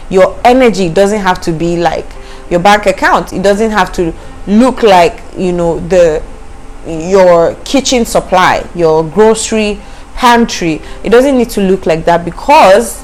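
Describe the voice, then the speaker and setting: A woman giving a devotional talk as host, earnest and conversational, slowing down to stress the verses she reads. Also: mid-range voice, darkish tone, slight background noise, rough recording. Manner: conversational asides between readings. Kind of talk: devotional teaching.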